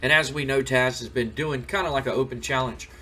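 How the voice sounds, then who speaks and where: A man's voice: medium pitch, fairly quick, sharp tone, far from the mic, low-quality recording. A man casually narrating a simulation game with a rambling, filler-heavy delivery. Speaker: game show host.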